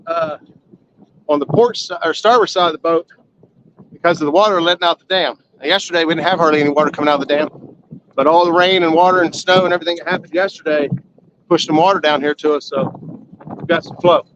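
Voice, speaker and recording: A man hosting a casual live fishing stream from a boat on a river, folksy and excitable, whooping when a fish is released. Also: a little high, fast. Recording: lo-fi outdoor stream with boat noise.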